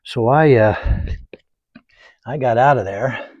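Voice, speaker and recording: A man teaching oil painting, rambling through folksy anecdotes and muttering softly to himself while he paints. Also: medium pitch, takes it slowly, dry recording, muffled recording. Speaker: painting instructor. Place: painting studio.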